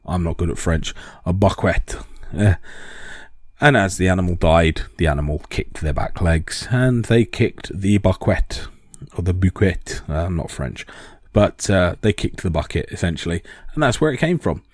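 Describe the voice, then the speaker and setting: A man's voice: deep voice, animated, moderate pace, no room sound. A man explaining in a casual, rambling talk with many ums and restarts.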